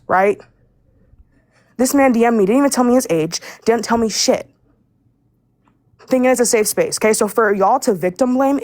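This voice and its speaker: A woman's voice: a little high, a little mellow, no echo. A young woman speaking in a live audio room, angry and indignant, stumbling over her words as she rants. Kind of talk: heated live call-in rant.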